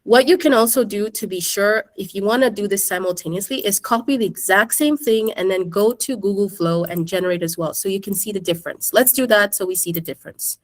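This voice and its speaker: A woman teacher walks her students through a tutorial in a loose, conversational way, often turning to the class with questions. Her voice sits in an ordinary middle pitch, and she is recorded in a classroom. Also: brisk, hardly any pauses. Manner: chatty, keeps addressing the class. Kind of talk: casual screen-share tutorial.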